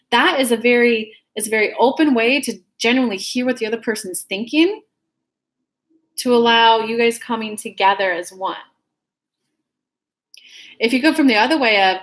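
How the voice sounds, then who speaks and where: A woman's voice: on the high side, normal speed, pauses often, fairly bright tone. A woman giving a casual tarot reading to her viewers, chatty and rambling, often restarting her sentences. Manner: talks straight to viewers as "guys". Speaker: tarot reader.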